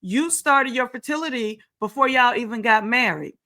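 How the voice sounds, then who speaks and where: On her own talk show, a woman riffs casually on reality TV, emphatic and repetitive with sarcastic asides. Her voice is on the high side, bright and forceful, at a moderate pace, recorded on a home setup with screen sharing.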